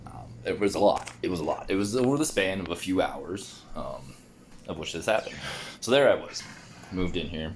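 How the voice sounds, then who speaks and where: A man's voice: sits low, brisk, a little hiss or hum. A man telling a rambling, casual story about his own experience, swearing and laughing often. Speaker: vlogger recounting an experience. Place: apartment bedroom.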